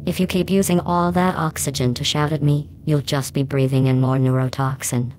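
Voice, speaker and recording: A woman voicing a cold, condescending female AI overseer in a fan cartoon, speaking dryly with quiet menace, music playing behind. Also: extremely low pitch, flat delivery, moderate pace. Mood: scornful. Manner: dry, condescending, threatening.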